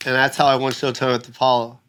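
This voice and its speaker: A middle-aged man on a casual podcast, telling a story with animated energy and acting out other people's lines in loud, high voices. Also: quick pace. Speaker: guest comedian.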